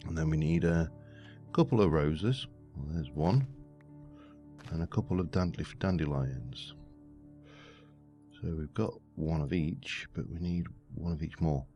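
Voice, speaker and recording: A man's voice: rumbling low, unhurried, long pauses, mellow. A man giving rambling, muttering commentary while playing a game. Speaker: let's play host. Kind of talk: casual gameplay commentary. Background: faint background music.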